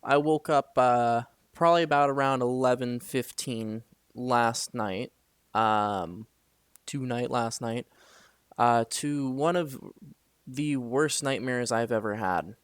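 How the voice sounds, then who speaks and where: A man's voice: mid-range voice, takes it slowly, smooth, no echo. A young man telling a story to his camera late at night, rambling with many fillers and swearing when he vents. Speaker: vlogger.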